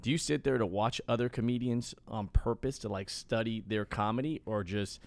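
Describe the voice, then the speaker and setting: A man hosting a podcast, asking relaxed questions and giving brief reactions in casual chat. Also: fairly low pitch, normal speed, creaky, dry recording. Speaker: podcast host.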